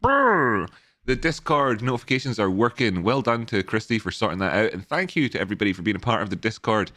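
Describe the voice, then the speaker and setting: Bright-voiced playful man. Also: fairly low pitch, fast. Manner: jokey, playful, rambling. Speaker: host of a live trading stream. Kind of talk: casual live-stream chat.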